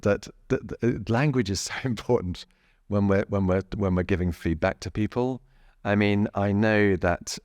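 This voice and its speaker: A man working as a bodywork therapist, explaining gently and casually, laughing often and restarting his sentences a lot. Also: low voice, dry recording, clean studio sound. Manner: gentle, chuckling, halting with many restarts.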